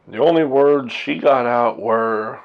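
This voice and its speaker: Man, self-recorded vlogger; slow, blunt, profane rambling delivery; dull, muffled sound. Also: medium pitch. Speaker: vlogger, husband and father. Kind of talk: candid monologue to camera. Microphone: camera set up by himself.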